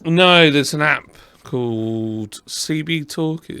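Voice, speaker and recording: A man's voice: on the high side, slow, pushed and bright, clear, resonant tone, no room sound. A man with a southern English accent hosting a casual podcast chat, talking in a rambling, self-deprecating way. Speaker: podcast host.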